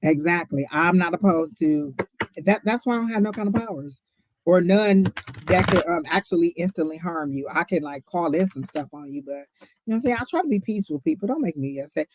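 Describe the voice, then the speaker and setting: A woman's voice: lowish voice, expressive, brisk, noisy background. Chatty woman co-hosting a live stream. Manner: chatty, storytelling, talks to viewers directly. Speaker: co-host of a live tarot reading stream. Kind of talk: casual chat.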